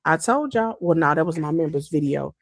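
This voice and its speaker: A woman's voice: low voice, animated, brisk, no room sound, studio quality. A woman YouTuber giving blunt, scolding commentary in a casual video.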